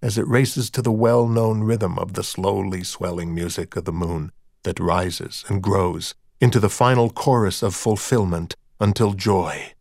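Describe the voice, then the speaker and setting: A man narrating dark fiction in a slow, hushed, measured and cold manner. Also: low-pitched, steady tone, gravelly, no echo, studio quality.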